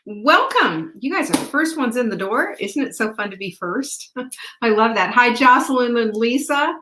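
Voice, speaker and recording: A woman hosting a live show, chatting brightly and greeting viewers by name. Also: fairly high pitch, lively intonation, moderate pace, background noise. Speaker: host. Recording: roomy echo.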